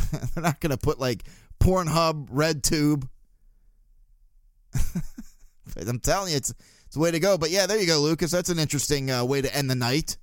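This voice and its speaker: A man's voice: fairly high pitch, smooth, no room sound, studio quality. A man hosting a casual sports podcast, blunt and swearing, with chuckling asides. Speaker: podcast host.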